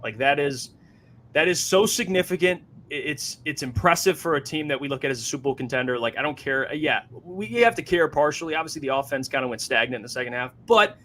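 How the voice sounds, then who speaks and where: A young man hosting a sports talk show, steering the conversation in a measured way. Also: a little high, pushed and bright. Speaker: host.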